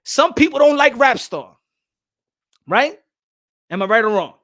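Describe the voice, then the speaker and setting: A man co-hosting a boxing podcast, talking in an animated, emphatic way and repeating himself. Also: extremely high pitch, unhurried. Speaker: podcast co-host. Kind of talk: casual boxing podcast chat.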